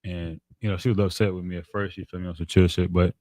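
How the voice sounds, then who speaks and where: A man's voice: sits low, little pitch movement, fast, darkish tone, dry recording. A man from Georgia co-hosting a podcast, telling a story in a laid-back, slangy way. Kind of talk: casual podcast chat.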